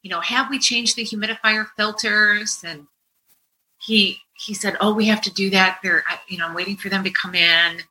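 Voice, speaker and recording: A woman's voice: medium pitch, normal speed. A middle-aged woman co-hosting a podcast, telling exasperated stories in casual chat and swearing freely. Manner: animated, exasperated storytelling with swearing. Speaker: podcast co-host.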